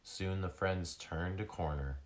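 A man narrating a children's chapter book aloud in a steady reading manner. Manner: slow, steady, deep-voiced reading.

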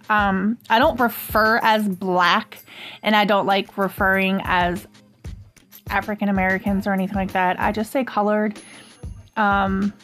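A woman's voice: medium pitch, fairly bright tone. A woman hosting a podcast, telling a personal story in a casual, rambling way full of "um" and "like". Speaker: podcast host.

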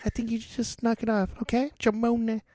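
A man's voice: very high-pitched, flat delivery, a little fast, darkish tone, pitched above the performer's own voice. A man putting on the voice of a brash man who taunts and scolds someone in mocking, sing-song street talk. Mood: taunting.

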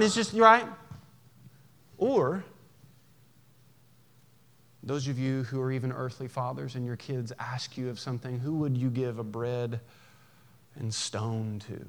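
A man preaching a sermon in a church, conversational and animated, with jokes and acted-out voices. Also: medium pitch, measured pace, long pauses. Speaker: pastor.

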